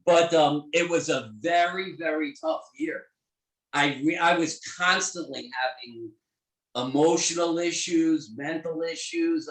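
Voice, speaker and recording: A middle-aged man telling a story in an interview, animated and emphatic, swearing freely. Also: a little high, a little slow, far from the mic. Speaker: guest therapist. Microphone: video call. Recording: echoey room on a video call.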